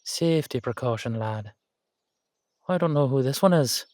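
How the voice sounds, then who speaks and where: A man's voice: mid-range voice, lively intonation, moderate pace, a little mellow, dry recording, lightly acted. A man voicing a wary older Irish uncle, a retired safecracker, with a sly, teasing drawl. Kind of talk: audio drama acting.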